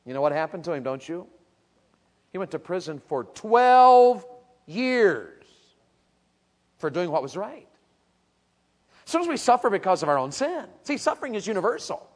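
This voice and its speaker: A man preaching a sermon, telling a story with animated energy, asking the crowd questions and building to shouts. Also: sits high, moderate pace, long pauses, big-room sound. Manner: asks the audience questions.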